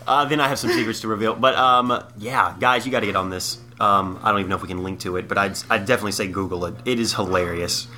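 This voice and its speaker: A man co-hosting a podcast, chatting casually with quick jokey asides. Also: fairly low pitch, bright, forceful tone, soft background music. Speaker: podcast co-host. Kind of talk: casual chat.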